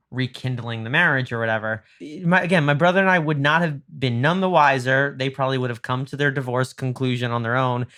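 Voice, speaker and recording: Man, podcast host, animated storyteller, acts out quotes, mid pitch. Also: clear, resonant tone. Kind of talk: casual chat, storytelling.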